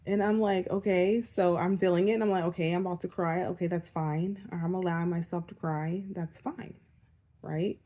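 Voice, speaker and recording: A woman's voice: medium pitch, darkish tone. A young woman giving a casual spiritual energy update, talking candidly and rambling, with frequent swearing and self-directed laughter. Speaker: spiritual vlogger.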